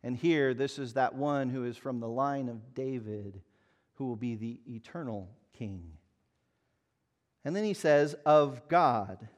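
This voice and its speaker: A man's voice: medium pitch, measured pace, a little mellow. A man preaching a sermon in an earnest, emphatic way, asking the listeners pointed rhetorical questions. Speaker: pastor.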